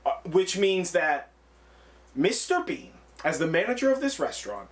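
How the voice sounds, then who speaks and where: A man's voice: high-pitched, sing-song, normal speed. A man co-hosting a casual movie review podcast, retelling scenes in a rambling, heavily profane way. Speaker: podcast co-host.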